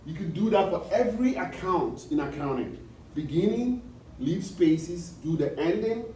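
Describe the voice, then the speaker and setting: A man lecturing on accounting with a slightly high voice, asking again and again whether it makes sense. He is picked up from some distance in a roomy, echoing space, with a faint hiss behind him. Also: lively intonation, moderate pace, darkish tone. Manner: repetitive, checks understanding with questions. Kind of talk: classroom lecture. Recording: echoey room, distant mic, faint noise.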